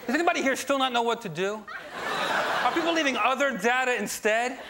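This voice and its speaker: Punchy young stand-up comic, high voice. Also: male voice, fairly quick, heavy background noise. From New Jersey. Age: young adult. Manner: punchy, energetic joke delivery with loud asides. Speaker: stand-up comedian. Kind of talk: stand-up set on a late-night TV show. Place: TV studio stage before a live audience. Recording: live TV studio with loud audience laughter.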